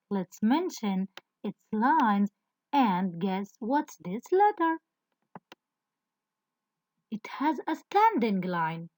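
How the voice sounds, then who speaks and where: A woman teaching young children, telling a story slowly with exaggerated, sing-song emphasis. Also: fairly high pitch, dry recording. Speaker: kindergarten teacher.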